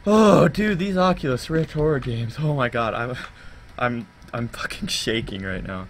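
A man narrates his horror game session at an unhurried pace, rambling and cursing under his breath. When frightened he breaks into sharp, high yelps. A clear layer of background noise runs under the voice. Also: expressive. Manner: babbling and swearing when scared; jumps to loud high yelps. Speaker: gaming YouTuber. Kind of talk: horror game let's play commentary.

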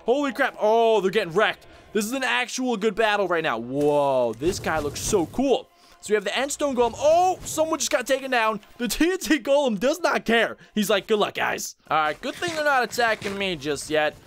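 A young man giving excited, exclamatory commentary while playing and showcasing a game mod, chatting to his viewers. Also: sits high, moderate pace. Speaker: gaming YouTuber. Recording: faint background music.

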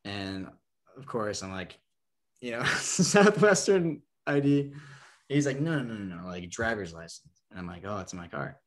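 A man's voice: sits low, moderate pace. A young man from Nebraska, a podcast guest telling a long story, full of "like" and "um", acting out the people in it. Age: young adult. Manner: rambling, full of "like" and "um"; acts out the people in his story with lively quotes. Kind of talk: casual storytelling.

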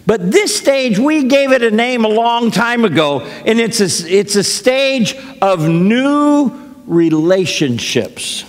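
Slow folksy preacher man, big hall. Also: extremely high pitch, sing-song. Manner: folksy storytelling, acts out quotes. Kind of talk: sermon. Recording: long hall reverb.

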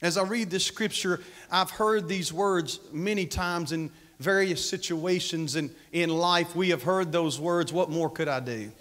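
A man's voice: high voice, fairly even intonation, unhurried, few pauses, a bit bright. A man preaching a sermon as pastor, fervent, repeating phrases and calling out to the congregation. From United States. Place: church sanctuary.

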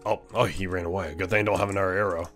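A man streaming a game, giving casual, excitable commentary, laughing often and teasing other players. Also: sits low, rapid-fire, soft background music.

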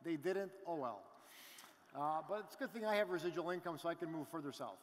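Motivational stage speaker, man, middle-aged, lively storyteller, hall reverb. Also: on the high side, brisk, slight background noise. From Canada. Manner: animated storytelling with crowd asides. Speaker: business event speaker. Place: large event hall.

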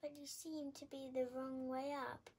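A woman voicing a kindly, gentle male bat in a storybook. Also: high voice, flat delivery, unhurried.

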